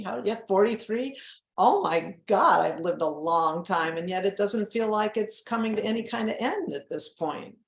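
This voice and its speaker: A woman's voice: mid-range voice, normal speed, roomy sound. A woman in her seventies from New England, a guest on an interview show, talking in a candid, self-mocking way and laughing often. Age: 70s. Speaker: guest author. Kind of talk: casual interview chat.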